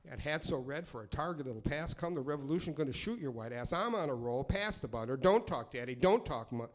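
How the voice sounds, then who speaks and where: Middle-aged man, live spoken word performer, sardonic and profane, rhythmic rhymes, slightly high voice. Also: lively intonation. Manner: loose, halting chat between pieces. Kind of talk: live streamed show, patter and rhyming spoken word.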